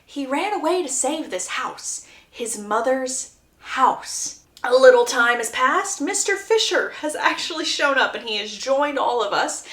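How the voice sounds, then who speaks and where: A woman casually recapping a book plot, chatty and expressive with amused asides. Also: sits high, a little slow. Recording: roomy echo.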